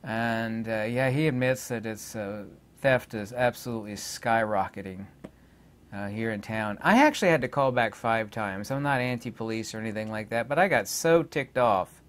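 A man hosting his own channel, talking in a rambling, indignant way and pausing on many filler words. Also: fairly low pitch, a bit bright, smooth. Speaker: channel host. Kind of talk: rambling casual monologue.

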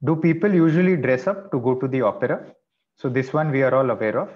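A man's voice: medium pitch, quick pace, lo-fi sound. A man teaching vocabulary in an online class, explaining patiently with chatty asides. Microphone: video call.

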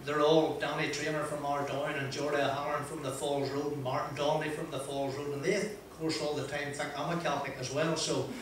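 A man's voice: fairly high pitch, fairly quick, few pauses. An older man with a broad Northern Irish accent from Ballymoney, telling humorous stories as a speaker at an event and acting out the dialogue. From Northern Ireland. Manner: broad, lively anecdotal delivery, acting out dialogue. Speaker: motivational speaker. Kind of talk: humorous storytelling speech. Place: event venue with audience. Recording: echoey hall, distant mic, faint noise.

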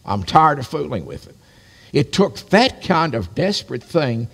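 A man's voice: fairly high pitch, sing-song, unhurried, creaky, a bit bright, husky. An older man, a pastor, preaching a sermon in a folksy, storytelling way with friendly asides. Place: church sanctuary. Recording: live-streamed church service with long reverb.

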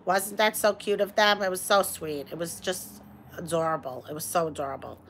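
Bright-voiced New York woman chatting. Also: lowish voice, steady tone, normal speed, a little hiss or hum. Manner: gushing, reads viewer comments aloud. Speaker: livestream host. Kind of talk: casual livestream chat. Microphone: phone.

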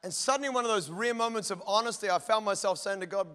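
High-voiced pastor in a reverberant hall. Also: male voice, quick pace, few pauses, sharp tone, smooth. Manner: humorous storytelling, acts out dialogue. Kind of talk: sermon. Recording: long church hall reverb.

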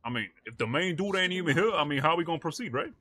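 Guy joking around in a game court case, slangy, kinda high voice. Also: lively intonation, fast talker, bright, forceful tone. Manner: laughing, loose street slang. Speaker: streamer playing a defendant. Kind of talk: casual role-play banter.

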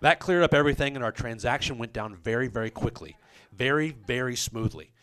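A man telling a comic personal story on a podcast, animated and self-mocking, with his voice leaping up on quoted lines. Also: mid-range voice, fairly quick. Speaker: comedic storyteller.

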